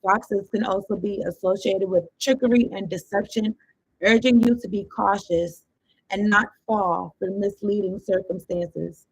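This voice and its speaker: A woman's voice: medium pitch, steady tone, unhurried, slightly rough, dry recording, low-quality recording. A woman giving a casual tarot reading. She rambles and thinks aloud in loose slang, with some swearing. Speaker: tarot card reader.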